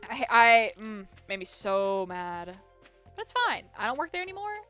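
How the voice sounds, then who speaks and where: A woman's voice: on the high side, sing-song, moderate pace, sharp tone, soft background music. A woman game streamer chatting casually while she plays, rambling through a story with lots of "like" and free swearing.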